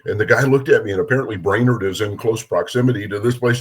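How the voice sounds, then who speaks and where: A middle-aged Minnesota police officer tells casual stories, animatedly performing the voices of the people involved. His mid-range voice is slightly rough, and he talks fast with few pauses.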